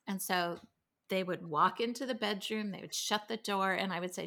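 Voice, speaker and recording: A middle-aged woman, a podcast guest, telling family stories in a lively way and acting out her children's voices. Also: medium pitch, moderate pace, gravelly. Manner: animated storytelling, acts out her kids' voices. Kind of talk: casual podcast conversation.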